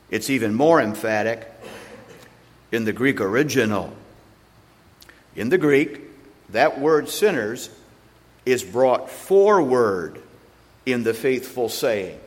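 A man preaching an expository sermon, slow and deliberate, pausing between phrases and leaning hard on single words. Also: medium pitch, animated. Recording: long hall reverb.

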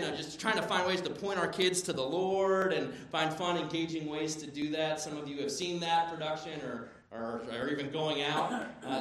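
A man in his thirties preaching a sermon as pastor, animated, moving between quiet asides and loud emphatic bursts. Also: fairly high pitch. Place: church sanctuary. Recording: very echoey church hall.

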